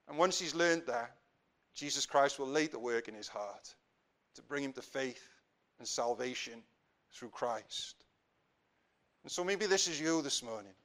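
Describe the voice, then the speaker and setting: A man preaching a sermon, swinging between loud emphatic stresses and quiet earnest appeals, slowing down on key phrases. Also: on the high side.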